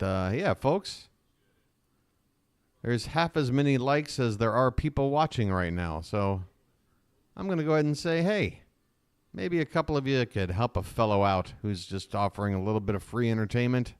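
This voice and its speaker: A man calls a baseball game live for his stream, rambling between pitches and jumping up when a ball is hit hard. His voice sits low and comes through smooth and clear. The sound is dry and close, with no room around it. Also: dry recording. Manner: chatty, rambling, excitable on big swings. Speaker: fan play-by-play streamer. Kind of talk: live baseball play-by-play and commentary.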